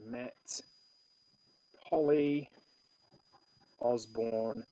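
A man hosting a solo detective board game play-through, reading the case aloud and thinking out loud with stammering restarts. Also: mid-range voice, sing-song, moderate pace, creaky, slightly rough, rough recording.

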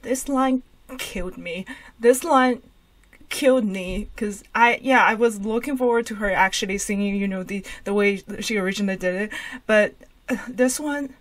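A woman hosting a music reaction video, talking in an excited, gushing way with lots of fillers and restarts. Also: medium pitch, moderate pace. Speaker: reaction channel host. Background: faint music from the reacted video.

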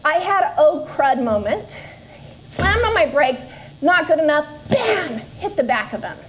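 Female, 40s, high pitch; earnest personal testimony at Sunday school, faint background noise. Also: sing-song, measured pace, fairly bright tone. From Southern California. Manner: earnest storytelling with self-deprecating asides. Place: church classroom.

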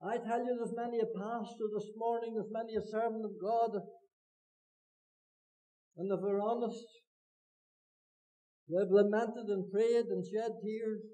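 A man with a Northern Irish accent, preaching a sermon as pastor, swinging between loud cries and hushed low lines. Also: steady tone, measured pace, long pauses, low-quality recording. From Northern Ireland. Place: church meeting hall.

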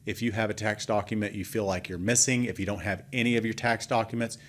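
Male financial advisor, lowish voice, relaxed client update. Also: fast talker, slight background noise. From Oklahoma, US. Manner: relaxed, conversational, with fillers.

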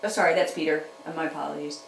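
A woman teaching children's church, telling a Bible story to young kids in an animated way and chatting with her puppets. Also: sits low, very fast, vocal fry, a little hiss or hum. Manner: animated, talks back to puppets. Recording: roomy room, mic at a distance.

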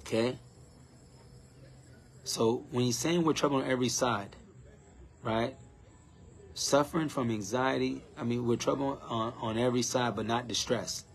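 A man preaching a sermon, defining scripture word by word, firing questions at his listeners and mocking complainers in a higher voice. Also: a little slow, creaky, long pauses. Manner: defines words one by one, asks the crowd questions, mimics complainers in a higher voice.

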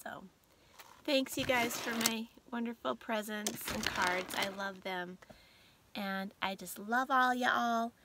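A woman's voice: a little high, slow, background noise. A middle-aged woman chatting casually to her vlog viewers at night, emotional and tired, often dropping into a near-whisper. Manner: emotional, soft-spoken, drifts into whispers. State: teary and tired at bedtime. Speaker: vlogger.

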